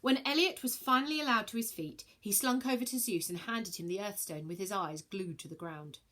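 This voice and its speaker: A woman reading a children's novel aloud, switching into many character voices with shouts and whispers. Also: medium pitch, brisk. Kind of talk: expressive storybook read-aloud.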